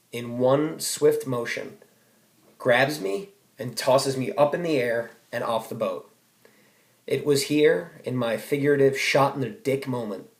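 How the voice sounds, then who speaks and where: A man's voice: mid-range voice, vocal fry. Teen boy, student speech, wry storyteller with sudden outbursts; echoey room. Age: teens. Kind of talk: comic personal essay read aloud.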